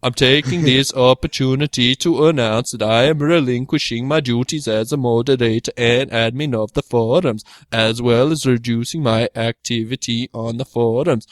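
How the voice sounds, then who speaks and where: A man's voice: medium pitch, normal speed, hardly any pauses, dry recording, natural voice. A man putting on a ranting mock-German dictator. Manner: ranting, exaggerated, jokey.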